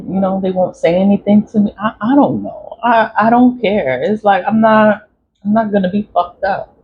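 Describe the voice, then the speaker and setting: A spiritual vlogger in a casual, rambling monologue, talking emphatically, repeating phrases and swearing freely. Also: mid-range voice. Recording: dull lo-fi recording, faint noise.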